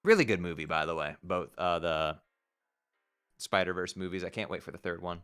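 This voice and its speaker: A man's voice: low voice, expressive, a little fast, fairly bright tone, clear, resonant tone. A man streaming casual chat, rambling with laughs and stumbling restarts. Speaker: streamer reading a webcomic aloud. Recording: background music under voice.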